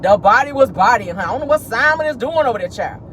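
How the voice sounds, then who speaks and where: A woman's voice: on the high side, animated, fast talker, a bit bright, slight background noise. A woman hosting a gossip vlog, talking in a sassy, petty way and calling her listeners "honey" and "child.". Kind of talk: celebrity gossip commentary.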